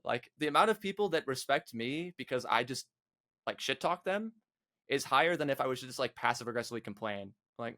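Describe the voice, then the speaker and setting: A man's voice: medium pitch, animated, brisk, sharp tone, dry recording. Young guy talking straight, lots of "like", dry sound, no room. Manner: blunt, many "like" fillers. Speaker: guest, competitive gamer. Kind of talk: casual podcast chat.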